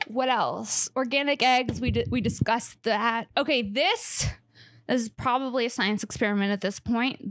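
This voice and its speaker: A fairly high-pitched woman's voice, recorded at studio quality with no echo, delivers a casual rambling monologue as she shows off her fridge at home. The comedian is sarcastic and self-deprecating, swears freely and sounds a little breathless.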